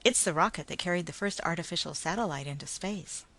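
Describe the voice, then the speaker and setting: A woman's voice: fairly low pitch, fast, a bit bright. A woman reading a story, voicing a patient, kindly father explaining things to his son.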